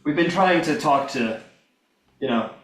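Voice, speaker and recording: A man running a tabletop game and narrating casually, full of fillers. His voice sits a bit high and echoes around the room. He sounds a little far from the mic. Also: animated, a little slow. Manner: loose, filler-heavy narration. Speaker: game master.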